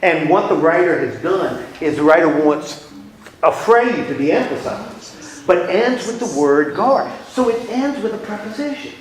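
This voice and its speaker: High-voiced man teaching a Bible class. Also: animated, unhurried. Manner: chatty, playful, acts out little scenes with laughs. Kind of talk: casual Bible class lecture. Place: room with a class. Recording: echoey room.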